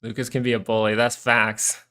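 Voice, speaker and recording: A man hosting a live market stream, talking off the cuff in a loose, rambling way with plenty of fillers. His voice is bright and forceful, set at a middle pitch. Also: little pitch movement, normal speed. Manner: rambling, chatty, full of fillers and asides. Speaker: stock market stream host. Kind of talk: casual live-stream commentary.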